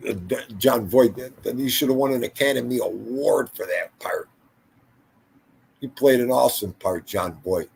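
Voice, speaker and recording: A man's voice: medium pitch, normal speed, vocal fry, a little mellow, a little hiss or hum. An older man hosting a casual livestream, rambling through stories and talking to viewers in the chat by name. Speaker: livestream host.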